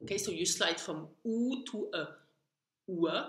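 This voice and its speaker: A woman's voice: mid-range voice, expressive, unhurried. A woman with a Luxembourgish accent teaching pronunciation, patiently drilling words for the listener to repeat. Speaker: language teacher. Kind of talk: slow pronunciation lesson. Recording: roomy echo.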